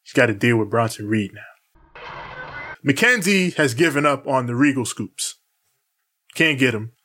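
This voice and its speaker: A man's voice: mid-range voice, lively intonation, a little slow, a bit bright, faint music behind. A man co-hosting a casual wrestling recap chat, narrating what happens and acting out quotes while laughing often. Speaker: co-host.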